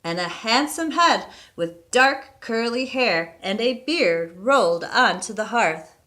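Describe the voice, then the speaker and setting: Casting: woman storyteller, bright tone, expressive read-aloud of a picture book. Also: fairly high pitch, slow pace. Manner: steady expressive reading.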